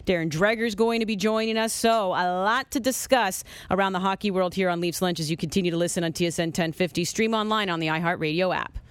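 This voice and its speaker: A woman hosting a sports radio talk show, telling stories in a chatty, animated way. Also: medium pitch, fast talker, hardly any pauses, slight background noise.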